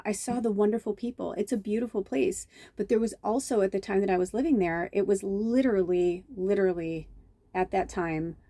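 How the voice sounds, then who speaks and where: A woman's voice: mid-range voice, mellow, no echo. A middle-aged woman, a medium, telling chatty, rambling stories in a casual spiritual vlog, full of restarts and fillers. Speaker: medium and tarot reader.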